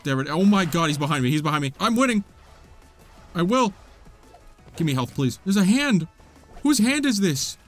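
An excitable man narrates his gameplay in a lively voice that jumps all over, yelping and cutting off curse words mid-word. His voice sits a little high, with faint game music underneath. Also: normal speed, pauses often. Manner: excitable, yelping, swearing cut short. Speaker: gaming YouTuber. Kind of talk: casual gameplay commentary.

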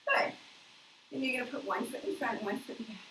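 A woman's voice: a little high, a little fast, recorded from a distance, slight background noise. Echoey woman leading kids' yoga. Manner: counts aloud and gives gentle cheerful cues. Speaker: yoga instructor. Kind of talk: children's yoga class.

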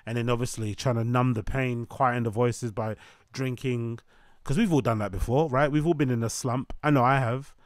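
A man's voice: mid-range voice, fairly even intonation, moderate pace, no echo, clean studio sound. A man giving opinionated commentary, ranting and mocking in long repetitive lists.

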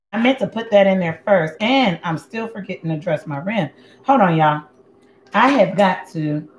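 A woman hosts a casual cooking livestream from her home kitchen, talking to viewers in a blunt, sassy, chatty way. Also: mid-range voice. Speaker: cooking show host. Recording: echoey room with faint background noise.

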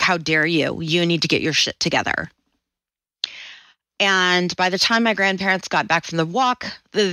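Woman in her 40s, low voice, dry close mic, storyteller who acts out quotes. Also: bright, forceful tone, no echo, low-quality recording. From Washington State, USA. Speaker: podcast guest. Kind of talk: personal storytelling.

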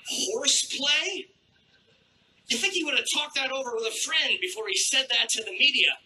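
High, bright-voiced brash stand-up comic. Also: male voice, animated, quick pace, rough recording. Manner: crude, brash and sardonic, with acted-out asides. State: throat trouble, clears his throat often. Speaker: stand-up comedian. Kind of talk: live stand-up set. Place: comedy club stage.

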